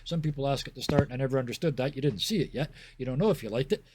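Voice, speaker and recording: A man's voice: mid-range voice, very fast, noisy background. A man hosting a stream as game master, narrating a scene and then thanking players and chat in a chatty, self-deprecating way.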